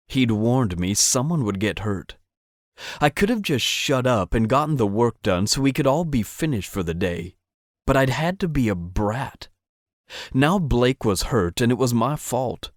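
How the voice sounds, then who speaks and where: A man narrating a first-person romance audiobook in an intimate, steady manner. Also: mid-range voice, a little slow, no room sound, studio quality.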